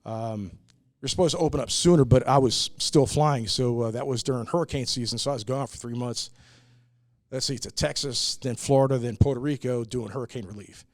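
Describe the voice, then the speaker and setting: A middle-aged brewery owner from the United States speaks a little fast in a mid-range voice, recorded dry and at studio quality. His storytelling in this casual podcast interview is earnest, packed with "uh"s, and he acts out the voices of people he quotes.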